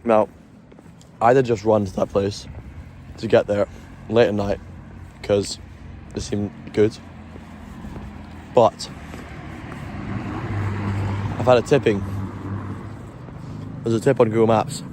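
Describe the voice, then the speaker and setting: A man's voice: fairly low pitch, flat delivery, slow pace, pauses often, noisy background. A man talking casually to camera as a travel vlogger on a city street at night, rambling and explaining with lots of restarts.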